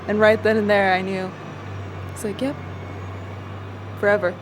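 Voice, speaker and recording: A woman's voice: mid-range voice, level tone, moderate pace, close to an everyday voice. An acting student performing a heartfelt monologue as a young woman fondly recalling her childhood best friend. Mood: wistful. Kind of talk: rehearsed dramatic monologue. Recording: noisy background hum.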